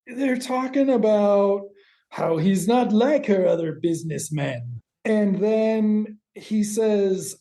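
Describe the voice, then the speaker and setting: Male podcast co-host, mellow dark tone, rambling casual recap, swears in passing. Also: high-pitched, lively intonation, slow pace. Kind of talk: casual chat recapping a TV episode.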